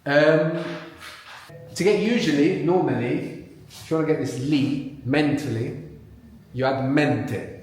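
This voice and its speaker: A man leads a live language workshop in a very echoey hall, his voice bouncing around the room. He is animated, drawing words out slowly and repeating them so they sink in. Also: fairly high pitch, soft background music. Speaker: language teacher. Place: large echoey venue with live audience.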